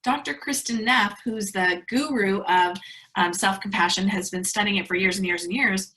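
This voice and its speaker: Brief: woman presenter, bright and forceful tone, chatty storytelling, video-call sound. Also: mid-range voice, moderate pace, poor audio. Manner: conversational storytelling with fillers. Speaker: speaker at an educators' webinar. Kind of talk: online presentation.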